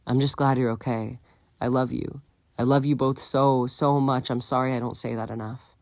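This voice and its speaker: A man's voice: medium pitch, level tone, a little fast, gravelly, no room sound, studio quality, natural voice. A man voicing an emotional, earnest teenage boy in an audiobook.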